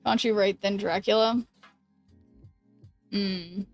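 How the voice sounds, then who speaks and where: A woman streaming a card game, thinking aloud in halting restarts and chatting with her viewers. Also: medium pitch, fairly even intonation, faint music behind. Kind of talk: casual live-stream commentary.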